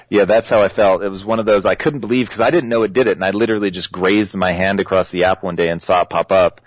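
A man's voice: deep voice, fairly even intonation, fairly quick, no echo, rough recording. A man as an interview guest, explaining his ideas reflectively with everyday examples. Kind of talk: casual interview talk.

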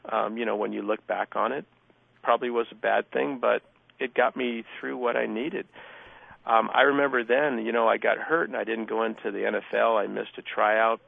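A man's voice: fairly low pitch, level tone, normal speed, vocal fry, dry recording. A middle-aged former athlete, a guest telling stories in a casual interview and acting out the exchanges he quotes. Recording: dry, phone-like narrow sound.

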